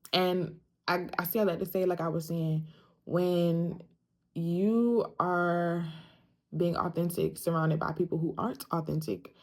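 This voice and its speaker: A young woman talking casually straight to camera, emphatic and slangy, often repeating lines for emphasis. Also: on the low side. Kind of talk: casual self-talk vlog.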